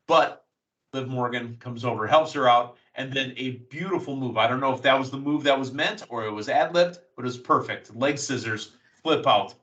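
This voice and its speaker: A man hosts a casual wrestling recap with a bright, forward tone. He tells events like excited play-by-play. His voice sits somewhat far from the microphone. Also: medium pitch, normal speed, dull audio. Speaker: podcast host.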